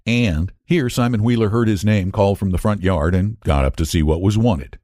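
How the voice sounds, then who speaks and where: A man's voice: fairly low pitch, normal speed, mellow, dry recording, studio quality. A man reading a classic short story aloud as host, telling it in a folksy rural dialect. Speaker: story reader.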